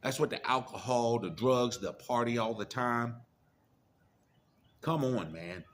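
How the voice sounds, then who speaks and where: A man's voice: medium pitch, measured pace, fairly bright tone. Middle-aged man ranting bluntly. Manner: profane, preachy, blunt warnings. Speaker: commentator. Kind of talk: casual monologue rant.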